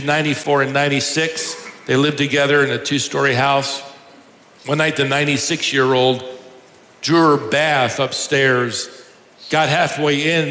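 Guy preaching, kinda high voice, laughs at his own jokes, roomy church sound with a bit of hiss. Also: pushed and bright. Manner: humorous storytelling with chuckles. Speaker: pastor. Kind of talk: sermon. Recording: echoey hall, faint noise.

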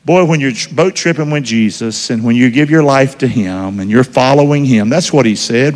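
A man's voice: mid-range voice, normal speed, few pauses. A man preaching a sermon in church, casual and conversational, peppering the congregation with questions. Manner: lively, conversational preaching with call-and-response questions. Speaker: pastor. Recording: long hall reverb.

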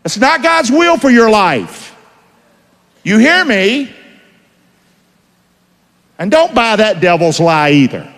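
Emphatic preacher in a reverberant hall. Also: male voice, high voice, sing-song, takes it slowly, pauses often, fairly bright tone. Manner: emphatic call-and-response preaching. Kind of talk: sermon.

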